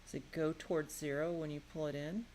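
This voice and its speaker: Fairly quick and flat in delivery, a woman with a deep, warm voice thinks out loud while creating and playtesting a game of her own. She tinkers and wonders to herself casually, and a faint hiss or hum runs underneath.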